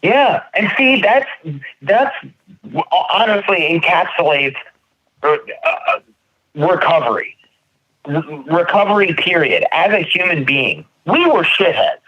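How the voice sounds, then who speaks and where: A man in his thirties, a podcast co-host, telling stories in casual chat, animated and swearing freely. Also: sits high, a little slow. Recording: dull lo-fi sound.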